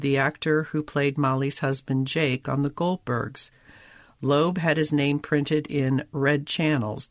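A documentary narrator reads a prepared script at a measured pace, with a wry edge to the storytelling. The voice sits in a middle pitch range. It is recorded close to a studio mic, with a dry, dead sound and no room echo.

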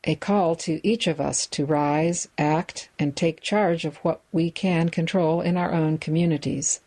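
A woman reading a magazine aloud in a measured way, describing its photos with the odd aside. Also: low voice, fairly even intonation, darkish tone, poor audio. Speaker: reader of a magazine for listeners.

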